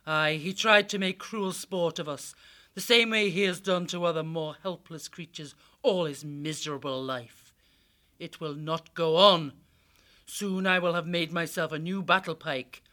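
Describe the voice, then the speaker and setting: A man voicing a stern, vengeful female badger warrior, speaking gravely and solemnly. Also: on the high side, fairly even intonation, measured pace, bright, forceful tone, pitched above the performer's own voice. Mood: grim.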